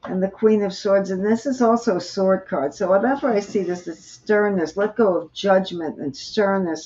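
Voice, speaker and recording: A woman reading tarot cards for a viewer on a live stream, explaining each card gently. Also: mid-range voice, normal speed, hardly any pauses. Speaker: tarot reader, host. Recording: muffled lo-fi stream audio.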